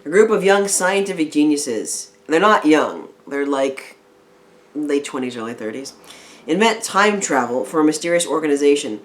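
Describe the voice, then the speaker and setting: A woman's voice: low-pitched, normal speed. Ranting woman reviewing a film. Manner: rambling, animated rants with restarts. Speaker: video reviewer. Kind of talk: casual chat reviewing a film. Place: home room with a film playing on the TV.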